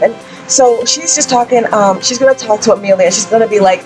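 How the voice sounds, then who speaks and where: Excitable young woman narrating a game. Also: fairly high pitch, moderate pace, low-quality recording. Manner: excitable, chatty, exclaims often. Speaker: gaming channel host. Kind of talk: casual let's-play commentary. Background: game music.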